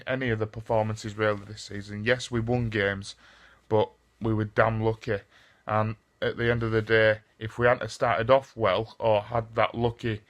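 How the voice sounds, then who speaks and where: A man with a Northern English accent giving a casual football season review on his vlog. He talks bluntly and swears often, rambles, and keeps repeating the same stock phrases. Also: on the low side. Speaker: football fan vlogger.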